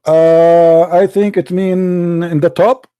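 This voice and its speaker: Combative male call-in host, high and dark in tone, who mocks the caller and hammers the same question. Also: little pitch movement, takes it slowly, clean tone. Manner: mocking, combative, talks over the caller; repeats his questions insistently. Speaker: debate show host. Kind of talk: heated call-in debate.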